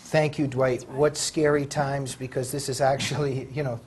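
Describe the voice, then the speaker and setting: A man's voice: medium pitch, flat delivery, normal speed, a little mellow, slight background noise. A man hosting a talk show, jovial and laughing at times. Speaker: host.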